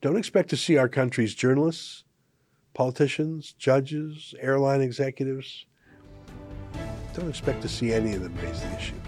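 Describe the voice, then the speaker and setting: A man's voice: mid-range voice, moderate pace, darkish tone, faint music behind. A man from Canada hosting an opinion commentary show, talking in a sarcastic, mocking and emphatic way.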